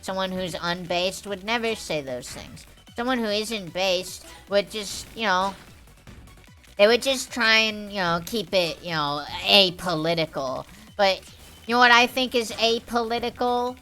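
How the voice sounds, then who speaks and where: A woman's voice: mid-range voice, a little slow, bright, forceful tone, faint music behind. A young woman streamer chatting live to her viewers in a heated, profane, rambling way, full of fillers. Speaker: game streamer.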